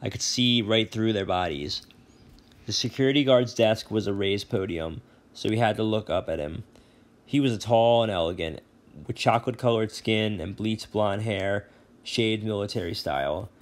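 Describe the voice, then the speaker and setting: A male teacher reading a novel chapter aloud, relaxed, with brief asides and self-corrections. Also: on the low side, moderate pace.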